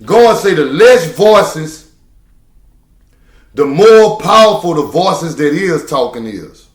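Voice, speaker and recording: A man holds forth on camera in a preachy, emphatic monologue, circling back to the same phrases to drive each point home. His voice sits a little high for a man. The sound rings around an echoey room. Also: expressive, slow pace. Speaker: truck driver.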